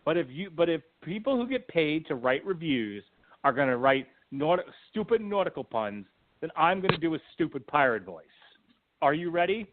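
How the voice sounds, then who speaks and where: A man's voice: a little high, sing-song, moderate pace, a little hiss or hum. A man hosting a film review podcast, speaking in a wry, explanatory way with many fillers. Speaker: podcast host. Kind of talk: casual review chat. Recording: tinny phone-like line, dry.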